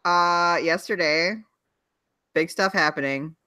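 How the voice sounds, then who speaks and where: A young man co-hosting a podcast, chatting casually, wry and quick to laugh. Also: fairly high pitch, sharp tone, clean tone, no echo. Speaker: podcast co-host. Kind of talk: casual chat.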